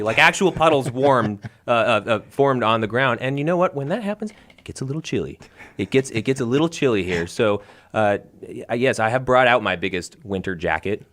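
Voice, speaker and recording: A man's voice: medium pitch, brisk. Joking young man co-hosting a live show. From San Diego, USA. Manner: jokey, animated, mock-grandiose. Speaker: co-host. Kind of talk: casual live-stream chat.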